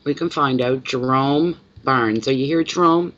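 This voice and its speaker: A woman's voice: a bass voice, a little slow, fairly bright tone, dull audio. Chatty middle-aged woman reading tarot. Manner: chatty, rambling, talks to viewers and pets. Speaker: tarot reader. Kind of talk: casual live reading chat. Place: home at night.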